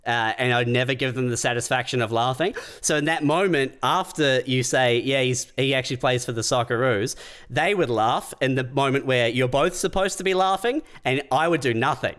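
A man's voice: mid-range voice, normal speed. Swearing man telling stories. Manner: swearing, animated anecdote telling with quoted voices. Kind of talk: casual storytelling chat.

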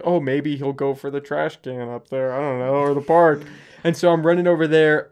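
A man's voice: a little high, gravelly. A young man hosting a podcast, telling a story animatedly and acting out what people said. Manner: animated storyteller, acts out quotes. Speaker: podcast host. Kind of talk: casual storytelling.

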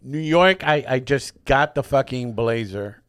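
A man's voice: medium pitch, lively intonation, unhurried, a bit bright, clear, resonant tone, dry recording, studio quality. Teasing man in casual chat. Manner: teasing, joins in with jokes. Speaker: podcast co-host.

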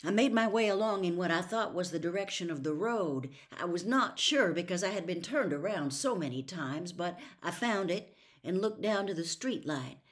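Low-voiced woman reading a novel aloud. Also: animated. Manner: slow, measured, hushed storytelling. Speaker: story reader.

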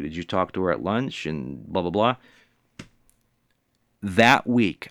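A man's voice: on the low side, fairly bright tone, smooth, no echo, clean studio sound. A man in his forties casually telling a personal story, rambling and swearing freely.

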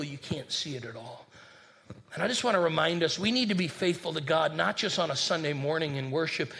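A man who is a senior pastor, preaching a lively sermon and calling on his congregation to respond. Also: on the high side, gravelly. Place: church sanctuary with congregation.

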